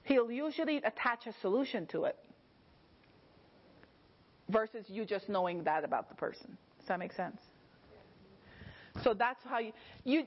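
Brief: woman Bible teacher, slightly high voice, talky sermon style, dull lo-fi recording. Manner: conversational, often checks in with the listeners.

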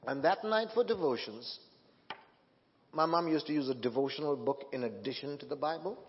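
A man's voice: a little high, lively intonation, normal speed, slight background noise. Man preaching in an echoing church. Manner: emotional storytelling, rising to loud proclamations. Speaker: guest preacher. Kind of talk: sermon. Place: church sanctuary. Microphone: handheld or stand microphone. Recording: dull sound with long hall reverb.

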